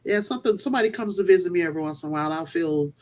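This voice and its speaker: A woman's voice: fairly low pitch, expressive, very fast, darkish tone, rough recording. A woman hosting a casual interview show, chatty and storytelling, easy to laugh. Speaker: podcast host.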